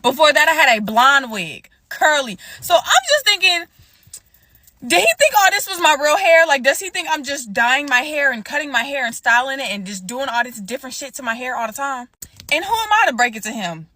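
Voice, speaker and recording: Animated woman telling a story. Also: sits high, brisk. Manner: animated, talks to viewers as y'all. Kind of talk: casual storytime.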